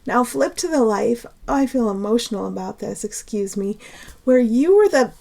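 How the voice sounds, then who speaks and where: A woman's voice: fairly high pitch, moderate pace, creaky. A woman giving an unscripted spiritual talk, emotional and earnest, laughing often between phrases as she teaches. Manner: pleading, then calming herself down.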